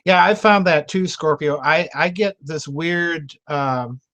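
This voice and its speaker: Chatty self-mocking man, slightly high voice. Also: slow pace, a bit bright. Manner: chatty and self-mocking, laughs often, repeats words. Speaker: host of a members video chat. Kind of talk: casual livestream chat.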